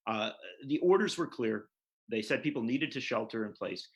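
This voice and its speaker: A man's voice: medium pitch, lively intonation, moderate pace, poor audio. A man, a political journalist, explaining at length and earnestly as a guest in an interview over a video call.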